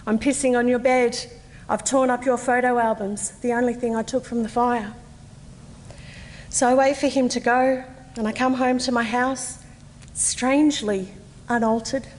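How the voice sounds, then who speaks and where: Australian woman, 40s, slightly high voice, earnest testimony, long hall reverb. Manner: measured, earnest, with slow deliberate pauses. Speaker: conference speaker. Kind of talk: personal testimony, read aloud. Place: conference hall.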